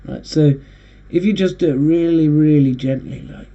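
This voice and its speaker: A man hosting a casual monologue, rambling and halting with frequent restarts. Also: fairly high pitch, creaky. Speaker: host. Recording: dull lo-fi recording.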